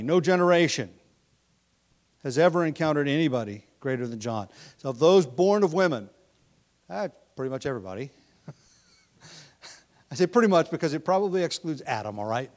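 Man, preacher, expository sermon, fairly high voice, emphatic scripture reading, conversational asides. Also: a little mellow. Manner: emphatic, rises in pitch and volume when reading scripture; conversational asides with restarts and light laughs.

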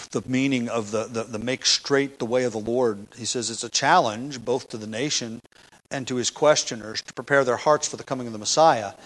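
Conversational teacher, man. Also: mid-range voice. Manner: conversational, restarts and rhetorical questions. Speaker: Bible teacher. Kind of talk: expository sermon.

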